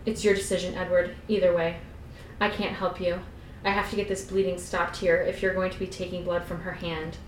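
A woman's voice: on the low side, flat delivery, a little fast, slight background noise, natural voice. A woman voicing a male vampire doctor who gives terse, urgent commands, read aloud in an echoey room.

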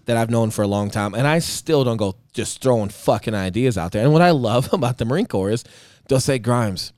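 A man's voice: medium pitch, fairly quick, no echo, studio quality. A middle-aged man and Marine veteran telling a story in casual chat, swearing a lot and acting out what others said. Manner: profane, animated, acts out quotes. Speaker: Marine veteran and podcast guest.

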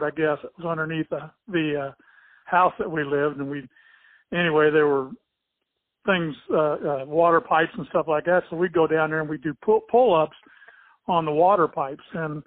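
An older man recalls his childhood with a halting, rambling delivery, stopping and restarting his sentences. His voice sits a little high for a man. The sound is thin and tinny like a phone line, and completely dry with no room around it. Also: no room sound. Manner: halting and rambling, many restarts, chuckles as he tells. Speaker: interviewee, former swimmer and coach. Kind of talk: casual spoken recollection.

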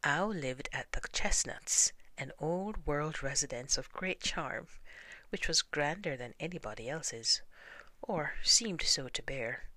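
Soft-spoken man reading a storybook. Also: on the high side, animated, dry recording. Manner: slow and soft, often hushed to a whisper. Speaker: narrator.

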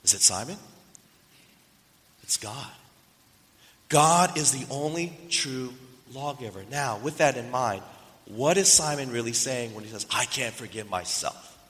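A male pastor preaches a storytelling sermon, asking his listeners questions as he goes. His voice is bright and forceful, in the middle range for a man. It carries a long reverb from a large hall. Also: mid-range voice, lively intonation, measured pace, pauses often.

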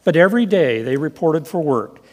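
A man preaching a sermon in an earnest, measured way, reading scripture and telling stories. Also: on the high side, animated, big-room sound. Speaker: pastor.

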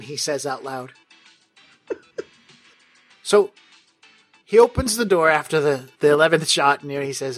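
A man's voice: fairly high pitch, a little slow, pauses often, soft background music. A man running a tabletop game as game master, narrating with a playful, wry manner. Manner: playful and wry, breaks into laughter.

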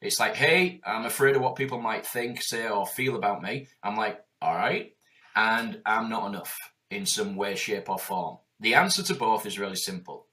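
A middle-aged man with a Yorkshire accent, a business coach in casual podcast chat, animated and swearing as he acts out quoted voices. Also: on the low side, moderate pace. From Yorkshire, England.

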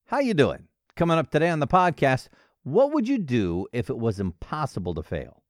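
Playful solo podcast host, man; animated pitch, dry studio sound. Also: moderate pace, no echo. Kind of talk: casual solo podcast monologue.

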